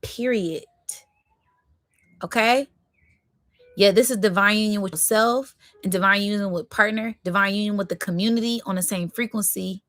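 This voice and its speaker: Excitable woman doing a live tarot reading. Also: medium pitch, moderate pace, dry recording. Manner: affirming, repetitive, bursts into excitement. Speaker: spiritual tarot reader.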